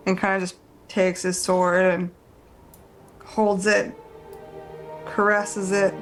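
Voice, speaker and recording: A woman slowly describing her character in a tabletop game, taking her time over each phrase. Music plays faintly behind her. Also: medium pitch, low-quality recording. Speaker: player.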